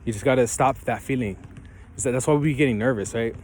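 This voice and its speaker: A man's voice: medium pitch, quick pace, a little mellow, a little hiss or hum. A man vlogging outdoors and giving casual motivational advice, rambling loosely and often checking in with "right?" and "you feel me?". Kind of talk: casual motivational talk to camera. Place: outdoors, ground with leaves.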